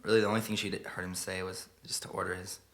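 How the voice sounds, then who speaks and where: A man telling a story in a soft, hushed and halting way, pausing and restarting often. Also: low-pitched, little pitch movement. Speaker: singer-songwriter. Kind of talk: spoken storytelling intro to a song. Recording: loud guitar playing behind the voice.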